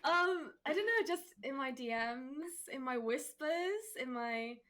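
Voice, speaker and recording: High bright giggly woman streamer. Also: animated, measured pace. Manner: giggly, hesitant. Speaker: streamer guest. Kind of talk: casual chat.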